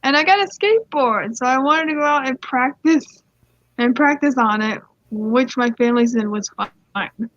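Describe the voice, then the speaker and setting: A woman's voice: high voice, moderate pace, dry recording. A young woman casually reading online stories aloud, giggling and rambling off into side comments. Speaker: story reader. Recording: dull lo-fi dry mic.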